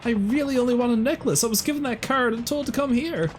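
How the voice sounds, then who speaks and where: A man voicing a terrified young man who pleads for help in a shrill, frantic voice while playing a game. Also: fast. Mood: pleading.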